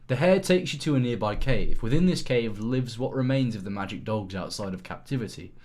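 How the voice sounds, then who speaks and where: A man's voice: medium pitch, expressive, fairly quick, darkish tone. A man reading an interactive story aloud on a live stream, acting out the lines and breaking into laughter.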